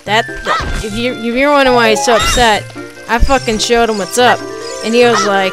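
A woman's voice: a little high, expressive, normal speed. A young woman talking casually over a game she is playing, joking, swearing and stammering. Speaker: gameplay streamer. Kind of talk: casual let's play commentary. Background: game music.

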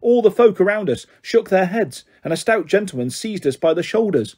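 A man reading a children's novel aloud in steady first-person narration, giving voices to the characters. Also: fairly high pitch, normal speed, breathy edge. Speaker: storyteller.

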